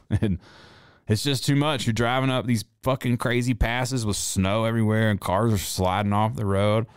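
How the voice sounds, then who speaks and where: A man's voice: fairly low pitch, normal speed, smooth, no room sound. A man in his thirties hosting a podcast, telling a story in casual, rambling talk full of swearing. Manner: profane, rambling, animated storyteller. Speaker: podcast host.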